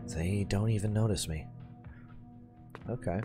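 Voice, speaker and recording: A man giving casual gameplay commentary, relaxed and wry, thinking aloud as he plays. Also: on the low side, unhurried, faint music behind. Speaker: gamer, channel host.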